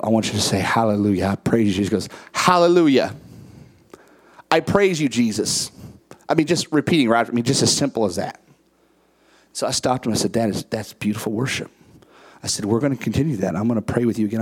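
A man, preaching and telling a story, acting out quoted dialogue in a lower voice and rising to high, emphatic peaks. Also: very fast, darkish tone, slightly rough. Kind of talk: sermon storytelling.

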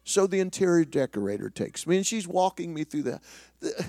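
A middle-aged man preaching, telling a personal story in a self-deprecating way with many restarts, sometimes dropping to a hushed voice. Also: fairly high pitch, very animated, brisk, no room sound, studio quality. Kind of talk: sermon storytelling.

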